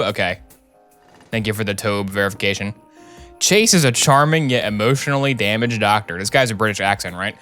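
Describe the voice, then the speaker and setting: A man's voice: medium pitch, a bit bright. A man streaming a game, reading its text aloud with chatty, sarcastic commentary. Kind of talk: casual gameplay commentary.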